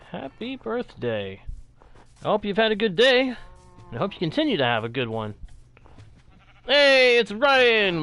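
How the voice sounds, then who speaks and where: A man's voice: high-pitched, sharp tone, dry recording. A man streaming a video game, chatting casually and greeting viewers from chat in a friendly way. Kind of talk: live gameplay commentary with chat greetings.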